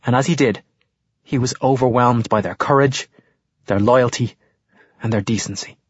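A man's voice: mid-range voice, normal speed, slightly rough, pitched below the performer's own voice, lightly acted. A man voicing an earnest male schoolteacher in an audiobook reading. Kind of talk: audiobook narration. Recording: dull lo-fi dry audio.

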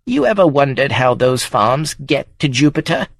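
Male reader doing a wily old country woman over seventy, voice raised high, clipped sly talk, dry sound. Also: sing-song, moderate pace, dry recording, full character voice. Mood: shrewd. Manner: sly, clipped rural speech, fond of swearing. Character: wily old woman smallholder, shrewd and blunt.

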